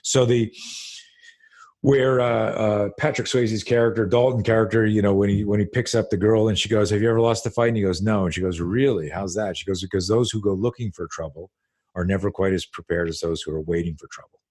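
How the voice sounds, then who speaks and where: This is a middle-aged man with a fairly low, fairly quick voice, a self-defense instructor telling a story in an interview. He swears liberally and acts out every scene, an animated, profane storyteller.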